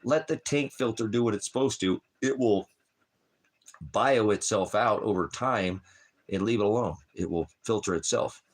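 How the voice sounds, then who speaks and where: A man's voice: on the low side, normal speed. A man rambling casually on a livestream, talking to his viewers and his dog about fish tanks. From lived in Alaska. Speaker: livestream host.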